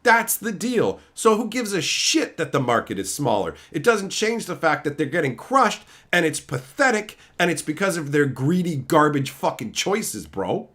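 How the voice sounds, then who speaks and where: A man from Canada rants on his live stream, cursing hard and swinging his somewhat high voice up and down with lots of life. He fires back at chat and keeps slipping into loud mocking shouts. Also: sing-song, moderate pace, few pauses. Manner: crude, combative, shouts mocking put-on voices. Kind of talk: profane live-stream rant.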